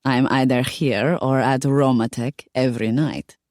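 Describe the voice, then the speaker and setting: A woman voicing a calm older woman with a foreign accent who speaks in a soothing, measured way. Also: a bass voice, no echo, studio quality.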